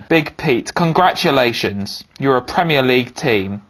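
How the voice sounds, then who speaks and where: A young man giving excitable commentary on his own football video game, swinging from low muttering to high shouting. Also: unhurried, hardly any pauses. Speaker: gaming video host.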